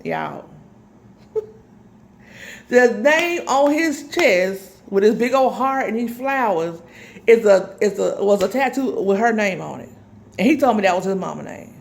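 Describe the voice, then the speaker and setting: Speaking at a measured pace in a creaky, medium-pitched voice, a woman shares a personal story. She's chatty and animated, addressing listeners directly as "y'all" and adding dramatic asides.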